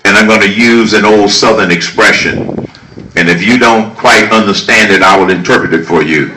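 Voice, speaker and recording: A political candidate speaking at an outdoor campaign rally, emphatic and rousing, shouting his key lines. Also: lowish voice, moderate pace. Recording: echoey, distant mic, crowd noise. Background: crowd ambience.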